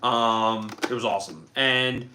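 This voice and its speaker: This livestream host from Philadelphia, USA, speaks with a Philly accent in an unhurried, medium-pitched voice with fairly even intonation. His tone is bright and forceful, with a little hiss or hum, as he rambles casually and reads out comments.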